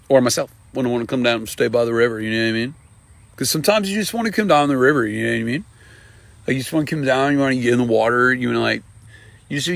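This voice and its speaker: A man's voice: medium pitch, creaky, no room sound. A man chatting casually on a live stream outdoors by a river, rambling with many fillers and laughing often. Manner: rambling, full of fillers and repeated "you know what I mean".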